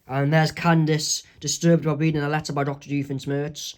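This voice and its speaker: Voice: mid-range voice, level tone, normal speed, few pauses. A comic creator narrating their own strip in a rambling way, full of ums and self-corrections. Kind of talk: amateur comic read-aloud.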